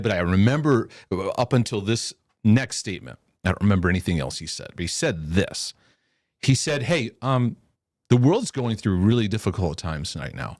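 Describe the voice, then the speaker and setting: A man's voice: on the low side, no echo, clean studio sound. A man, a former pastor from the United States, telling a story in casual chat and quoting what people said. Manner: animated storyteller, repeats words, quotes people. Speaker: podcast host, former pastor.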